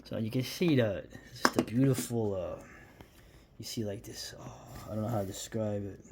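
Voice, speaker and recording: A man from the United States chatting casually to camera about beer, rambling and restarting sentences, sometimes dropping to a hushed near-whisper. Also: lowish voice, moderate pace, heavy background noise. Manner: rambling, self-interrupting, drops to a hushed near-whisper when admiring the beer. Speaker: beer vlogger.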